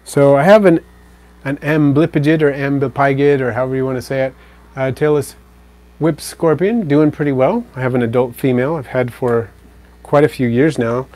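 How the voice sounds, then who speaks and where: A man hosting a live stream, casually answering viewer comments in a relaxed, rambling way. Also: mid-range voice, normal speed. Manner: relaxed, rambling, with fillers and self-corrections.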